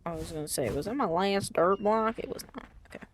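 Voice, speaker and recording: A young woman streamer chatting casually while gaming, rambling playfully and thinking out loud. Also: medium pitch, expressive, brisk, a little hiss or hum.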